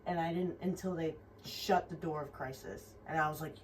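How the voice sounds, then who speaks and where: A young woman with a fairly low voice, telling her own story in a loose, rambling way. She speaks frankly, swears often and leans on fillers. The mic sits a little away from her, with faint noise in the room. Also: fairly even intonation, fairly quick, far from the mic, low-quality recording. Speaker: vlogger. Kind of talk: casual personal storytelling.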